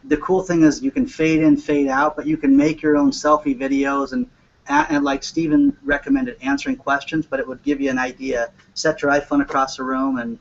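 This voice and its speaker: A man's voice: on the high side, a little fast, gravelly. A man in a group discussion gives friendly, enthusiastic tips. The recording sounds dull and lo-fi. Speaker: group member.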